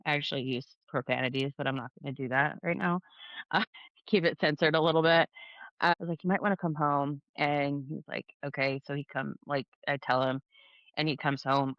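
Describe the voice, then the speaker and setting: Acting out conversations and using "like" constantly, a thirtysomething woman chats through her story as a guest on a podcast. Her voice is low-set, and the recording is muffled with no room sound.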